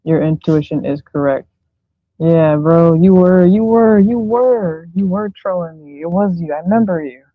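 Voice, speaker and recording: Excitable, profane woman host. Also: lowish voice, moderate pace, narrow, tinny audio. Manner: excitable, profane, repeats herself. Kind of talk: casual podcast chat.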